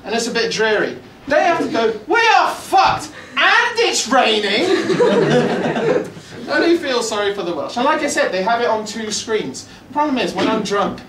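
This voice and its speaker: A young man doing a stand-up comedy set, rambling and swearing, jumping to loud punchlines, from England. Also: high voice, big pitch swings, a little fast, few pauses, heavy background noise. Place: comedy club stage. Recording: roomy club recording from far off. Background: audience laughter.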